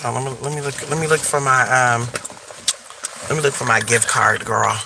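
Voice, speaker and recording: A man's voice: medium pitch, normal speed, gravelly. A man live-chatting with viewers from his car, sassy and profane, calling them "honey" and saying he is losing his voice. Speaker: vlogger. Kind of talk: casual live-stream chat. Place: in a car at a gas station. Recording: noisy phone audio in a car. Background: car and traffic noise.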